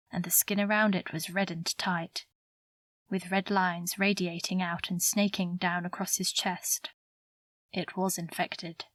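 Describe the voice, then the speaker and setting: A woman narrating an audiobook novel in a measured, even storytelling voice, close to the mic. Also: on the low side, no echo. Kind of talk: scripted narration.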